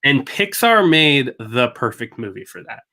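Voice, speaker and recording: A man's voice: medium pitch, big pitch swings, unhurried, sharp tone. A young man hosting a casual panel chat over a video call, talking in a chatty way with restarts and jokes, turning earnest when he praises a film. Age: young adult. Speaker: host.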